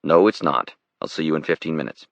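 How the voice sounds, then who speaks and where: A man's voice: rumbling low, lively intonation, fairly quick, creaky, no echo, heavily acted. A man voicing a curt, commanding male defense secretary with clipped, urgent words.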